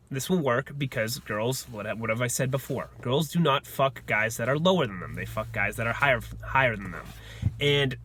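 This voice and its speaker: A man's voice: medium pitch, pushed and bright. A man giving dating advice to the camera in a brash, swaggering, profane way, repeating lines for emphasis.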